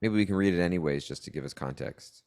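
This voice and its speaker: Very deep-voiced easygoing man. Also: fast talker, a little mellow. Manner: easygoing, joking, leads the reading. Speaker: podcast co-host. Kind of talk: casual podcast discussion.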